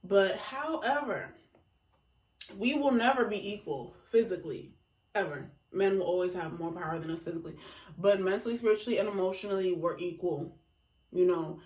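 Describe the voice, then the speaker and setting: A woman's voice: medium pitch, moderate pace, darkish tone, roomy sound. A woman giving a casual monologue about relationships, talking emphatically and acting out reactions in quoted voices. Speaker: relationship commentator.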